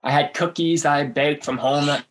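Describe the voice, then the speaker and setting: A man's voice: fairly high pitch, steady tone, normal speed, noisy background. Rambling, laughing man telling skate stories. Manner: rambling, laughing, swears freely. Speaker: guest skateboarder. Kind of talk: casual storytelling interview.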